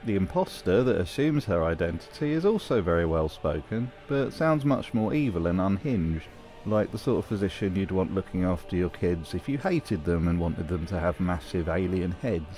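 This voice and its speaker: A man's voice: deep voice, expressive, normal speed, mellow. A man giving wry, scripted commentary on a video game. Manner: dry, wry. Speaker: video essayist.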